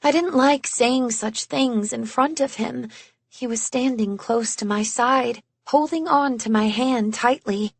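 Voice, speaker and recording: A woman narrating an audiobook in the first person, measured and hushed in tense moments. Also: fairly high pitch, gravelly, no echo.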